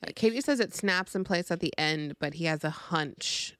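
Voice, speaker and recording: Woman, book podcast co-host, relaxed conversational manner, dry close sound. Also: on the low side, normal speed, no echo. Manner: relaxed, conversational, easygoing disagreement. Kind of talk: casual book discussion.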